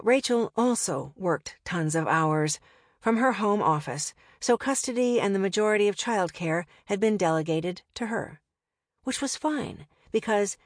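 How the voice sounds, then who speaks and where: A woman's voice: medium pitch, dry recording, studio quality. A woman narrating an audiobook in a wry, conversational way.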